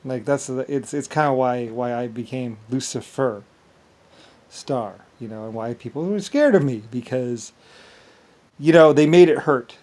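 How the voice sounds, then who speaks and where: In a slightly mellow, mid-range voice, a man vlogs in a solo, rambling monologue. He speaks haltingly, stumbling and repeating words and trailing off.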